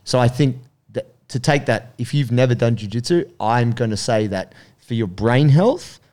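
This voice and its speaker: Male podcast host, mid pitch, casual explainer. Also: lively intonation, normal speed, darkish tone. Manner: reacts briefly, then explains at length. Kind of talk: casual chat.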